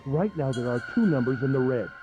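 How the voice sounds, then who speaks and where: An actor playing a pompous, cruel gentleman villain who mocks his captive and laughs at her. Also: mid-range voice, lively intonation, a little fast, highs cut off, close to an everyday voice. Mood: mocking. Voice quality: mocking, theatrical, with cruel laughs. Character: sneering, pompous gentleman villain, adult man. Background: game music.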